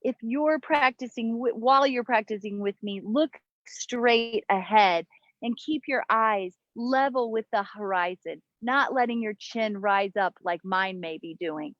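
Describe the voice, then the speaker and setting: A woman teaching a yoga breathing class outdoors, giving slow, soothing cues with long pauses, recorded on a camera mic. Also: fairly high pitch, a bit bright, no echo, dull audio. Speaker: yoga instructor. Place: outdoors in the mountains. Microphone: camera mic, looking up at camera.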